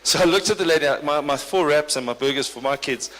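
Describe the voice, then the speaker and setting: Fast and fairly high-pitched with a fairly bright tone, a man MCs a corporate function as a stand-up comedian. He teases the crowd in dry banter while the big hall's reverb rings long.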